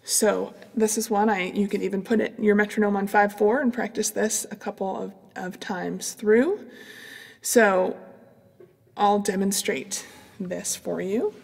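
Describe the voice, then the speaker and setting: A middle-aged woman, a clarinet professor, calmly explaining practice strategies in an instructional demonstration. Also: medium pitch, unhurried, vocal fry, breathy edge, big-room sound. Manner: calm, explanatory, with fillers.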